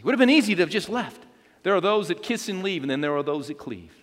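Animated preacher in an echoing hall. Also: male voice, medium pitch, fast. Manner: animated storytelling with acted quotes. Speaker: pastor. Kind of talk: sermon. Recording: long hall reverb.

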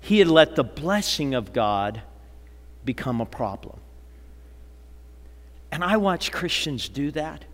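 A man pastor preaching a sermon, slowing and dropping to a hush for emphasis and acting out the people he quotes. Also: on the high side. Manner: dramatic preaching, slows and drops to a hush for emphasis; acts out quoted people in a lively voice. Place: large church auditorium. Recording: long hall reverb, church sanctuary.

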